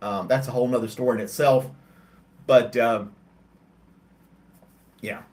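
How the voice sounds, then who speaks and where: A man's voice: medium pitch, steady tone, a little slow, darkish tone. A man hosting a casual livestream chat, tired and yawning, talking in a rambling, hesitant way with many ums and restarts. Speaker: host of a livestream chat show. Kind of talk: casual chat with live chat viewers.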